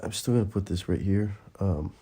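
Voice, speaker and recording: A man's voice: low voice, normal speed, dark tone, breathy edge. A man hosting a casual livestream, rambling and swearing freely and sometimes dropping to a whisper. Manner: rambling, profane, often drops to a whisper. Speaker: livestream host. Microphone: tablet or phone mic.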